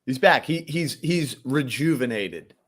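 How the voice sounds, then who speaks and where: A man's voice: medium pitch, lively intonation, unhurried, a bit bright, slightly rough. A man co-hosting a casual live show, laid-back and easygoing, often saying "dude" and "man". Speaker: co-host. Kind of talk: casual chat.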